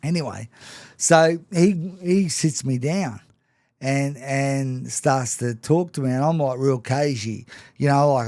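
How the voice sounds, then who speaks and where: A man's voice: medium pitch, measured pace, a little mellow, no echo, clean studio sound. A man telling his own story to an interviewer, frank and self-mocking, and often laughing as he talks. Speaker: guest. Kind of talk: personal storytelling in conversation.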